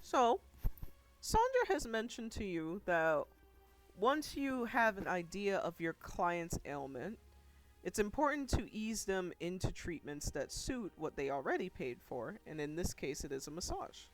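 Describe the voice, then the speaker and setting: A man's voice: high-pitched, big pitch swings, measured pace, faint music behind. A man narrating as game master of a tabletop role-playing game in a loose, chatty way. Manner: loose, conversational narration with fillers.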